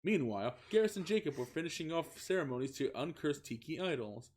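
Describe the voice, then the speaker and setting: A man's voice: a little high, sing-song, a little fast, a little mellow. Young man, streamer, reading fanfic aloud, giggly, stumbling, swearing asides. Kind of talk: comic reading of fan fiction aloud.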